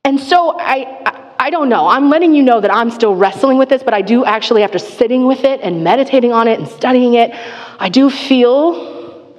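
A woman's voice: a little high, expressive, fairly quick, few pauses, muffled recording. A woman giving a conversational sermon, candid and chatty with frequent filler words and self-deprecating asides. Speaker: preacher teaching a Psalm. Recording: long reverb of a large hall.

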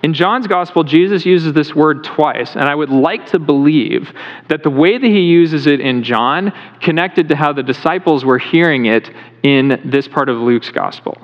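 A man with a fairly high voice preaches a sermon from the front of a church sanctuary. He talks in a conversational way and puts questions to the congregation. The sound carries a long hall reverb and a dull, lo-fi tone. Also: moderate pace. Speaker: pastor.

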